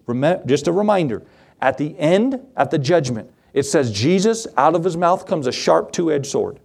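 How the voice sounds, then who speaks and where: A man preaching a sermon to his congregation, animated, acting out Bible scenes in quoted voices. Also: a little high, normal speed, vocal fry, slightly rough. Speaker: pastor.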